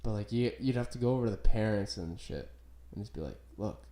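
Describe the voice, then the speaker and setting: Speaking fairly quickly in a warm, low-leaning voice, a young podcast host chats casually and rambles through his stories. His talk is profane and packed with "like" fillers.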